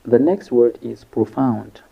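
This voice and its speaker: Male English tutor, slow and gravelly, repeats syllables with care; dull lo-fi recording. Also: medium pitch, expressive, faint music behind. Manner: repeats syllables slowly and deliberately. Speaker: English teacher. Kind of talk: pronunciation lesson.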